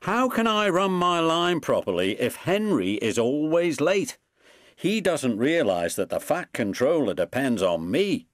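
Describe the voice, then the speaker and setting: A man's voice: mid-range voice, very animated, no echo. A man voicing a proud, impatient little tank engine in a storybook reading, bossy and always in a hurry. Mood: cross. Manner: bossy, hurried, puffing.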